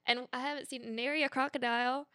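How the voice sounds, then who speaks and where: A woman from the American South co-hosting a comedy podcast, chatting quickly and loosely with lots of fillers. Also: high-pitched, steady tone, pushed and bright, smooth, no echo, studio quality. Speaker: podcast co-host. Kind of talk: casual chat.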